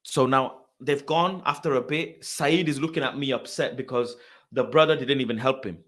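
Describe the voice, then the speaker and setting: A young host tells a story in casual, slang-heavy talk at a moderate pace. His delivery swings between loud exasperation and low grumbling.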